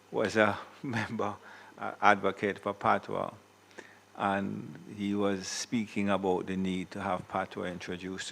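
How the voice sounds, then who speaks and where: Jamaican man chairing a senate session; gravelly, deliberate, formal. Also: deep voice, fairly bright tone, slight background noise. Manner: measured, occasional self-corrections. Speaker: presiding officer of the senate. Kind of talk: formal parliamentary tribute. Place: senate chamber.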